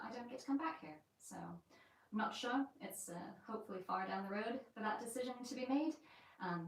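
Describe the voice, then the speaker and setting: Halting woman, distant and echoey. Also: medium pitch. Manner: halting, reflective, many pauses. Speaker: vlogger telling family history. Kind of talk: casual live-stream talk. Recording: very echoey, distant mic, faint noise.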